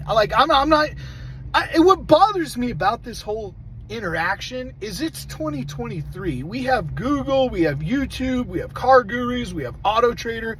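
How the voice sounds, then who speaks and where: A man with a notably high voice tells a story in a loose, profane rant. He talks bluntly and animatedly, with a faint hum of background noise behind him. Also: animated, normal speed, fairly bright tone, low-quality recording. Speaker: vlogger.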